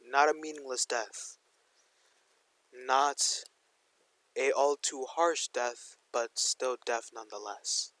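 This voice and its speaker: A man's voice: mid-range voice, takes it slowly, long pauses, bright, forceful tone, no room sound, rough recording. Young male storyteller, casual and slangy, dry room, mid voice. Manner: rambling, slangy, full of "like". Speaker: fan storyteller. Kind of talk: casual fan-fiction narration.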